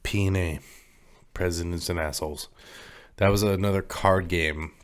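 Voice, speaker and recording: A man with a low, deep voice chats casually as a podcast co-host. He rambles through old memories, laughs easily and lets his voice drop away at the ends of thoughts. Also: fairly even intonation, normal speed. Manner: rambling, laughs often, trails off quietly. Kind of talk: casual chat.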